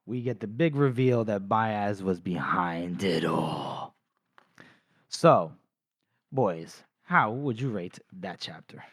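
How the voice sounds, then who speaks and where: A man's voice: lowish voice, expressive, slow, no echo, clean studio sound. A man hosting a casual book podcast, retelling the plot and often laughing. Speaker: podcast host.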